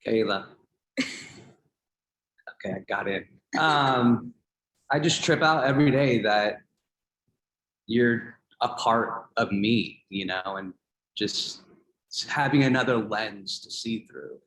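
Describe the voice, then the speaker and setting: A man giving a slow, reflective farewell to a student on a video call. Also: mid-range voice, a bit bright. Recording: roomy video call audio.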